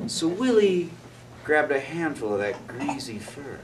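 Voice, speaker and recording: Animated man telling a children's story. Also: on the high side, measured pace. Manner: dramatic, with gasps and sound effects. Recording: distant mic with faint noise.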